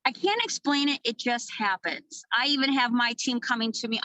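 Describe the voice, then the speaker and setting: Bright, energetic woman coaching her team. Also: on the high side, normal speed, dry recording, rough recording. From Minnesota, USA. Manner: energetic, casual, swears freely. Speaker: network marketing team leader. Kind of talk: motivational training talk.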